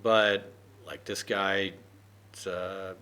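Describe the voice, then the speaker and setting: A man's voice: deep voice, level tone, extremely slow, pushed and bright, smooth. A man explaining an English idiom with loose personal stories, rambling with many fillers and asking "right?" often. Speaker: English teacher. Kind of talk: unscripted idiom lesson.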